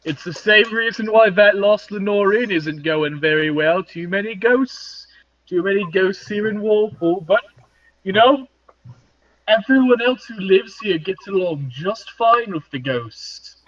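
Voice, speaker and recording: A man's voice: sits high, expressive, measured pace, a bit bright, dry recording, muffled recording, heavily acted. A man voicing a fish-eyed male property seller who haggles in a blustering, indignant way.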